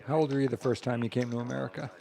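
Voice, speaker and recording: Gravelly-voiced man doing poker commentary. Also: mid-range voice, steady tone, rapid-fire, dark tone. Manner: wry, teasing banter and questions.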